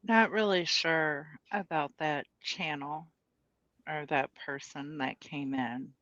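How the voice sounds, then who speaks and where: A co-host who talks very slowly and hesitantly on a casual chat show. The voice is mid-pitched. The recording is dull and dead dry. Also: steady tone, pushed and bright, dry recording. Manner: slow, hesitant.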